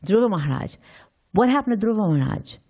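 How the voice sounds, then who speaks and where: A woman's voice: medium pitch, expressive, fast talker, mellow. A woman giving an informal scripture class, thinking aloud, quizzing her listeners and often restarting her sentences.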